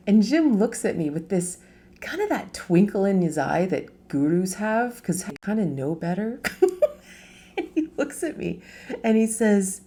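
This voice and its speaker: A woman's voice: mid-range voice, sing-song, moderate pace, mellow. A middle-aged woman giving a casual live talk as a spiritual teacher, chatty, laughing often and asking rhetorical questions.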